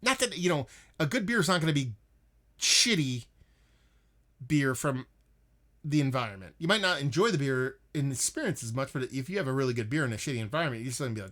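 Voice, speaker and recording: A man's voice: mid-range voice, expressive, fast, bright, forceful tone. A young man hosting a casual beer livestream, rambling with lots of swearing while he reads out and answers chat comments. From northeastern United States.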